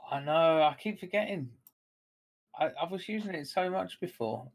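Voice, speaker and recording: A man's voice: fairly high pitch, moderate pace. Teasing man in poker banter. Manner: teasing, laughs often. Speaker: poker player. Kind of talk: casual chat over online poker.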